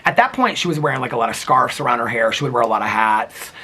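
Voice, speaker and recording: A man's voice: mid-range voice, animated, fast talker, sharp tone, a little hiss or hum. A man telling a personal story in a casual home vlog, seated in a chair with the camera on a table and rambling with many filler words. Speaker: vlogger.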